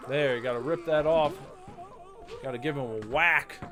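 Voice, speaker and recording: A man's voice: mid-range voice, normal speed. A man casually commenting while playing a video game, rambling into wry, mock-serious rants. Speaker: gaming channel host. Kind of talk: casual let's-play commentary.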